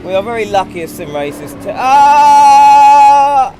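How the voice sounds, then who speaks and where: Casual: high-voiced bloke rambling through a racing stream, lots of background noise. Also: male voice, quick pace. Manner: chatty, rambling, reacting to the race mid-sentence. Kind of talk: casual live-stream commentary while racing. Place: home sim racing rig.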